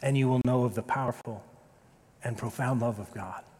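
A man preaching a sermon as pastor, telling a story with dramatic loud peaks and quiet, slow prayerful passages. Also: mid-range voice, fairly even intonation. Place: church sanctuary. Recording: long reverb of a church sanctuary.

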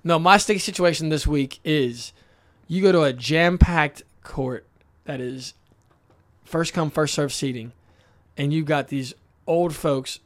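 A young American man co-hosting a tennis podcast, telling stories in a lively, joking way. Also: fairly high pitch, a little slow. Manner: excitable storyteller, laughs often. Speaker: podcast co-host. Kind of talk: casual sports chat.

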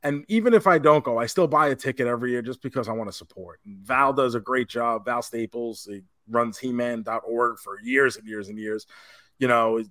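A man's voice: mid-range voice, brisk, pushed and bright, no room sound, clean studio sound. A man co-hosting a podcast, telling a convention story in casual chat and swearing now and then. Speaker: podcast co-host.

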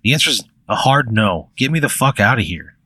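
A man's voice: mid-range voice, expressive, moderate pace, bright, forceful tone, breathy edge, no echo. A man playing along in an improvised comedy bit, exasperated and swearing as he talks back. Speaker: comedy podcast guest.

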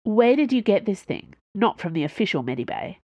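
A woman voicing a sharp-tongued young female tech tinkerer who talks in a brisk, curt way. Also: medium pitch, very animated, dry recording.

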